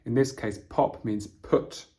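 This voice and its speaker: A man teaching English vocabulary from a storybook, explaining words slowly with frequent fillers. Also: medium pitch, steady tone, warm tone. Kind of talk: vocabulary lesson reading from a storybook.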